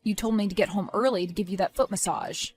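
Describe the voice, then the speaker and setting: A woman voicing a worried, earnest young man who is about to become a father, speaking softly. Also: mid-range voice, fairly even intonation, fast talker, slightly rough, soft background music, lightly acted.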